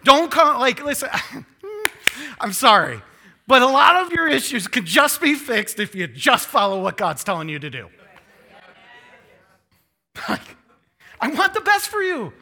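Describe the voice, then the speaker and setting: Animated, high-voiced male preacher. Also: measured pace, long pauses. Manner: animated, joking, acts out quotes in changing voices. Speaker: pastor. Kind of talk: sermon.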